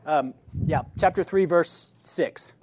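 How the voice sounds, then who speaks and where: A man leads a Bible study class in a chatty, conversational way, checking in with his listeners as he goes. His voice sits a little higher than most men's and he corrects himself mid-sentence. The sound is dry, with little room echo. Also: takes it slowly, a little mellow. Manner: conversational, keeps checking in with "right?"; restarts and self-corrections.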